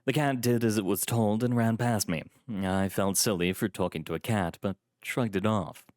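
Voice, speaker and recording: A man reading a first-person story aloud in a calm, measured storytelling manner. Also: on the low side, dry recording, clean studio sound. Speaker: story reader.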